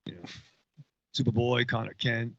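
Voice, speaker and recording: A man's voice: medium pitch, fairly even intonation, moderate pace, creaky, fairly bright tone, slightly rough, dry recording, lo-fi sound. A man co-hosting a horror film podcast, cracking jokes and swearing casually. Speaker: podcast co-host. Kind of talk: casual chat.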